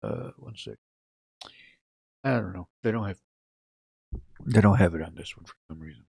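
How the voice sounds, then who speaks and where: Guy doing a home livestream, lowish voice, rambly and jokey, greets chat by name, dry close mic. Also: animated, moderate pace, gravelly, darkish tone, husky, dry recording. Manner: rambling, joking, talks to chat viewers by name. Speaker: livestream host. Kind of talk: casual live-stream chat. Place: home setup room.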